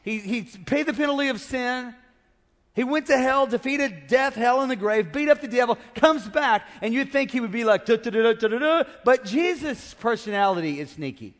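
Middle-aged pastor guy preaching, high voice, lots of call and response, big echoey church hall. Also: lively intonation, moderate pace, a bit bright. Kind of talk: sermon. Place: large church auditorium.

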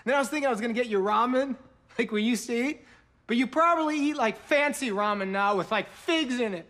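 A gruff young man from a sitcom, clumsy with his feelings. He rambles, circles back over the same words, and keeps tacking "man" onto his lines. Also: very high voice, brisk, fairly bright tone. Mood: exasperated rant. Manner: rambling, repeats himself and says "man" a lot. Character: awkward, gruff young man fumbling to show affection. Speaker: sitcom character. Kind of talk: sitcom acting.

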